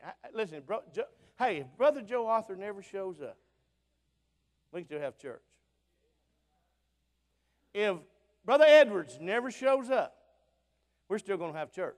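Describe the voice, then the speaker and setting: A man from Alabama with a Southern accent preaching a revival sermon through a sound system in a church auditorium, fervent and plain-spoken, swinging between loud bursts and soft asides. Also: high voice, big pitch swings, moderate pace, long pauses. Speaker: visiting preacher. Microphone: church sound system mic. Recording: long auditorium reverb.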